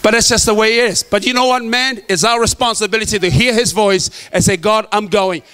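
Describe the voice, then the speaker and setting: A man's voice: high-pitched, fairly even intonation, quick pace, bright, forceful tone, clear, resonant tone. A middle-aged man preaching a sermon to the men, emphatic and joking. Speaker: pastor.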